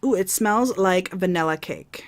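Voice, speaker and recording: Croaky-voiced woman with a cold. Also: on the low side, measured pace. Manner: chatty, rambling with fillers. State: hoarse from a cold. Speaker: beauty vlogger. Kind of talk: casual unboxing vlog.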